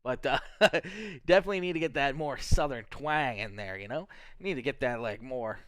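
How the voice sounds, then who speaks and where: A man's voice: mid-range voice, a little fast, fairly bright tone, clear, resonant tone, dry recording, studio quality. A young Canadian man hosting a sim racing broadcast, upbeat and chatty with lots of fillers. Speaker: race broadcaster. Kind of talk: sim racing commentary and interviews.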